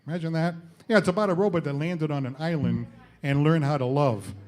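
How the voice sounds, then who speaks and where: A male host works a studio stage with a monologue, chuckling at his own punchlines. His voice sits a bit higher than most men's. He jokes with a sidekick between gags. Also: brisk, a little mellow. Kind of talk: comedy monologue.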